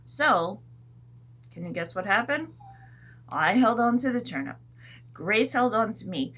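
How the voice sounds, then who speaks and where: Slow, gentle woman telling a children's story. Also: mid-range voice, breathy edge. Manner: gentle, animated, with sound effects. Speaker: teacher.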